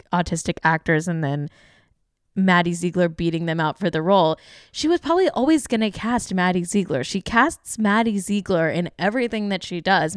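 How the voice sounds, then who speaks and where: A woman's voice: fairly low pitch, no echo, clean studio sound. A woman hosting a show, giving sarcastic, casual celebrity gossip commentary, full of fillers. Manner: chatty, sarcastic, many fillers. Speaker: podcast host.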